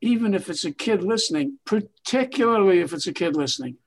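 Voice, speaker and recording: Older man, veteran writer, slightly high voice, emphatic and expansive storytelling. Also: expressive. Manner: expansive, emphatic, drawn-out phrasing. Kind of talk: reflective interview storytelling.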